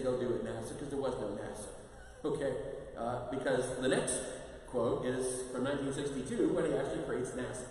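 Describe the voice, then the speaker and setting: Priest preaching, lively and chatty, big echoey church, mic far off. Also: male voice, on the high side. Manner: animated, conversational, acts out quotes. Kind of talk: parish mission talk. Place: large church.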